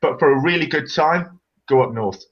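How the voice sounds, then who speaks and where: A man's voice: on the high side, normal speed. British host in his forties, rambling and blunt, muffled call audio. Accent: British English. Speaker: podcast host. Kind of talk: casual interview chat.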